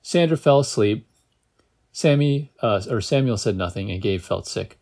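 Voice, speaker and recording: A man's voice: lowish voice, expressive, moderate pace, gravelly, darkish tone. A man reading a novel aloud in a casual way, with joking asides and small stumbles. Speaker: reader.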